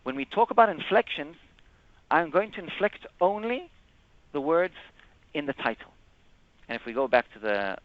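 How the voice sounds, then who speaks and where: A man presenting a live software demo in a webinar, explaining step by step and often correcting himself. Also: fairly high pitch, no echo. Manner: halting, explains step by step with frequent self-corrections. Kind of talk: live screen-share product demo. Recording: dull lo-fi webinar audio.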